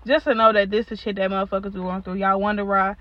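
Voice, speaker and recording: A woman's voice: mid-range voice, level tone, quick pace, lo-fi sound. A young woman hosting a solo podcast, venting in a blunt, profane, exasperated way, laughing now and then. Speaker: podcast host.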